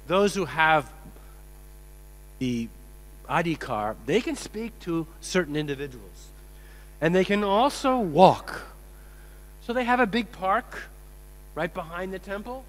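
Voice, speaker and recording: Animated man preaching in an echoing hall. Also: high voice, slow, pauses often. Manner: animated, acts out quotes, laughs. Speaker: swami giving a lecture. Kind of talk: sermon with storytelling. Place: temple hall. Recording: echoey hall with mains hum.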